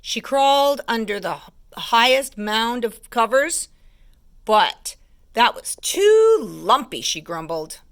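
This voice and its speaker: A woman teacher reading a storybook aloud to children in an expressive way. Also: on the high side, takes it slowly, clear, resonant tone. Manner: expressive, hushed asides about pictures.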